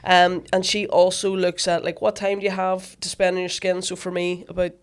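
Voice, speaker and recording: Northern Irish woman co-host, lowish voice, chatty storyteller with fillers, slight chesty cough. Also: flat delivery, normal speed, clear, resonant tone. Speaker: podcast co-host. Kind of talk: casual chat.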